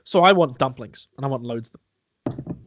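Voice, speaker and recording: A man's voice: mid-range voice, expressive, moderate pace, no room sound, highs cut off. A young man co-hosting a podcast, chatting over beers, enthusing about food with restarts and the odd swear. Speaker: podcast co-host. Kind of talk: casual chat over beers.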